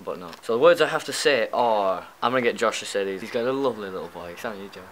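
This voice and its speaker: A young YouTube vlogger with a northern English Lancashire accent chats in a tag video, casual and blunt with the occasional swear. His voice sits on the low side, animated and fast with a fairly bright tone. The low-quality recording carries slight background noise.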